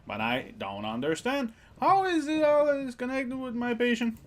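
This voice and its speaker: A man's voice: very high-pitched, very animated, normal speed, a little hiss or hum, pitched above the performer's own voice. A man voicing an anxious male doctor who asks worried questions in a raised, fretful voice.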